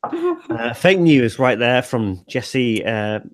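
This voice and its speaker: A man's voice: medium pitch, wildly swooping pitch, extremely slow, no room sound, clean studio sound. Tipsy man rambling as livestream host. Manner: rambling with many fillers and restarts. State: tipsy, slurring. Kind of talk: casual group livestream chat.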